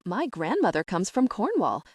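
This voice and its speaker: A woman's voice: mid-range voice, huge pitch swings, normal speed, husky, dry recording, clean studio sound. A woman reading the part of an earnest, eager American businessman.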